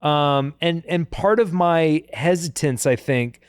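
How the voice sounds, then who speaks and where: A man co-hosting a podcast, chatting casually in an animated, joking way with lots of fillers. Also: a little high, clear, resonant tone, no echo, studio quality. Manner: animated, jokey, puts on quick voices, many fillers. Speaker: podcast co-host. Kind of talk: casual chat.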